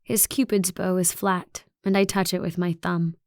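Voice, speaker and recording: A woman reading a first-person audiobook in a soft, intimate way, with quiet passages. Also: fairly low pitch, level tone, normal speed, dry recording, clean studio sound. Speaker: audiobook narrator.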